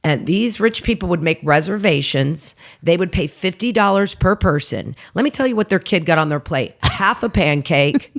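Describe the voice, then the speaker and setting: A woman's voice: fairly low pitch, moderate pace, few pauses. A woman comedian telling stories from her work in a casual podcast chat, laughing as she goes and acting out the people she quotes. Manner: animated storyteller, laughs mid-sentence, acts out quoted people; frequent "like" fillers. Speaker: comedian guest.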